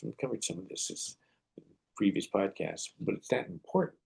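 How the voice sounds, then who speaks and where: A man's voice: lowish voice, lively intonation, brisk, gravelly, a little mellow, husky. A man hosting a motivational podcast, telling stories and giving earnest, preacherly advice. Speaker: podcast host and martial arts teacher.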